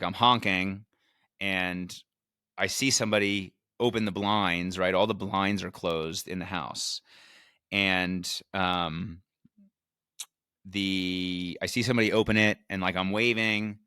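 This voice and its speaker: A man's voice: fairly low pitch, bright, forceful tone, no room sound, studio quality. A young man casually telling a long story about a road trip, with lots of restarts and fillers and some swearing. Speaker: vlogger recapping a race weekend.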